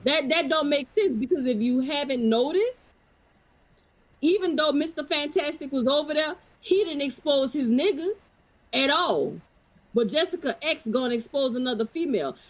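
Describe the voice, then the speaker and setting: Woman, high-pitched voice, profane ranting, live stream panelist, casual chat. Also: lively intonation, moderate pace, low-quality recording.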